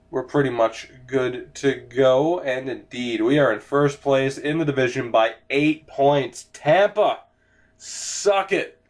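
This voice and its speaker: A man giving casual let's-play commentary on a hockey game, sleepy and yawning, rambling and swearing casually from his chair at home. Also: mid-range voice. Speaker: gaming commentator. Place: home gaming setup, in a chair.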